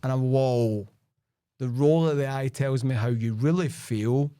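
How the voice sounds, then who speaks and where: Speaking at a moderate pace, this middle-aged Scotsman has a dark, clear, resonant mid-range voice in a dry recording. He's a sales expert on a laid-back podcast, telling stories and leaning on "like" and "right?".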